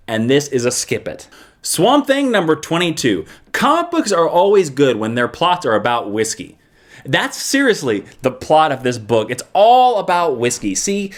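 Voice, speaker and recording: A man giving casual, rambling video reviews of comic books, with an animated and jokey manner. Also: mid-range voice.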